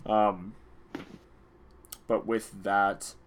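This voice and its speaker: A man's voice: fairly low pitch, little pitch movement, drawn-out words. A young man narrating as dungeon master, hesitant, with many fillers and restarts. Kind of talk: narrating a tabletop game.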